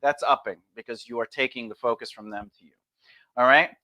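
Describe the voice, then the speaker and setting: A man's voice: mid-range voice, a little fast, pushed and bright. A man streaming a casual lesson on conversation skills, talking loosely and acting out example replies.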